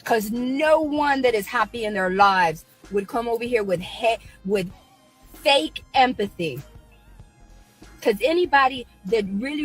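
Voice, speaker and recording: A woman's voice: a little high, fairly bright tone, husky. A woman on her own live stream, ranting at critics in a combative, preachy way and repeating herself.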